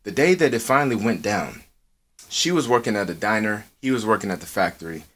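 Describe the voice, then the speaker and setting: A man co-hosting a podcast, telling a story in casual, profanity-heavy talk, acting out quotes in a high voice. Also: fairly quick. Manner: swears a lot, animated, acts out quotes in a high voice. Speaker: podcast co-host. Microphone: earphones with mic.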